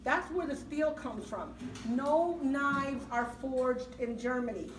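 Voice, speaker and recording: A female chef demonstrates a product before a live audience, spinning lively stories, laughing as she talks, and frequently asking "okay?". Her voice is high and slow. The recording sounds echoey and distant, with a loud crowd and background noise.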